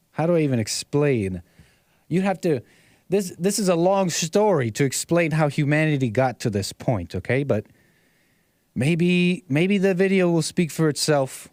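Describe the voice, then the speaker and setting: A man hosting a casual livestream call-in show in a dry, close-miked sound with no room behind him. His voice sits a little high for a man. He rambles, repeats himself and chuckles as he goes. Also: lively intonation, normal speed, a little mellow, dry recording. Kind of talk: casual talk-show commentary.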